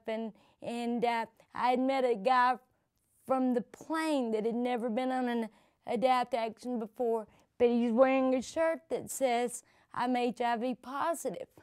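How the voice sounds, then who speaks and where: A woman's voice: fairly high pitch, darkish tone, clear, resonant tone, dry recording, clean studio sound. A middle-aged woman from the American South recounting her life in a conversational oral-history interview, with frequent restarts and asides. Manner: conversational storytelling with many restarts and "you know". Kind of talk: personal storytelling interview.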